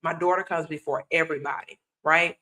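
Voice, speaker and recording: A woman with a bright, forceful tone hosts a casual talk show. She talks in a somewhat low register and tells stories animatedly, slipping into voices when she quotes people. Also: brisk, poor audio. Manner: animated storyteller, acts out quotes. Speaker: host.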